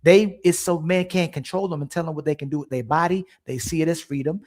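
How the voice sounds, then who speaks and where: A man with a fairly high voice hosts a livestream debate. He is loud and emphatic, repeating his points and cutting across the others. His delivery stays forceful and insistent. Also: fast. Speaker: livestream show host. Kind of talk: heated casual debate.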